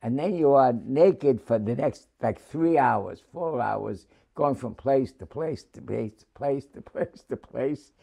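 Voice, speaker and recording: An older man tells an old story in a gravelly, mellow voice. He chuckles often and restarts his sentences. The voice sits at an average pitch. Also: takes it slowly, few pauses. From New York City. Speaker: war veteran interviewee. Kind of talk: oral history storytelling.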